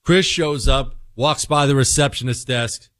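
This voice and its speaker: A man hosting a political commentary monologue, telling an animated story and acting out characters. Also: mid-range voice, measured pace, dry recording. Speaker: political talk show host.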